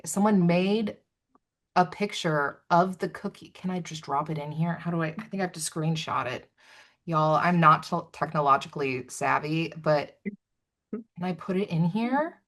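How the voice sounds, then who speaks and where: A woman's voice: lowish voice, fairly bright tone. A woman hosting a live online Q&A, chatty and self-deprecating, with many fillers. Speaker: livestream host. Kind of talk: casual chat.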